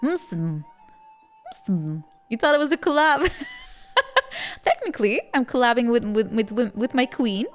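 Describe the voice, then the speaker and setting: A woman's voice: fairly high pitch, expressive, moderate pace, faint music behind. A woman streaming a strategy game, chatting playfully and reacting animatedly, often repeating words as she stammers and laughing between remarks. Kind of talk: casual live game-stream chat.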